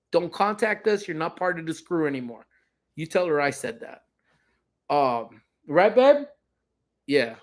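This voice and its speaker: A man hosting a casual livestream from home, reading viewer comments and rambling along with jokes and teasing. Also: fairly high pitch. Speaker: livestream host.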